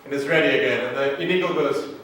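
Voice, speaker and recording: A Midwestern American man in his thirties, a pastor preaching a sermon and retelling a movie scene with lively, animated storytelling. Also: medium pitch, fast talker, a little hiss or hum. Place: church sanctuary. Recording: echoey church sanctuary, mic at a distance.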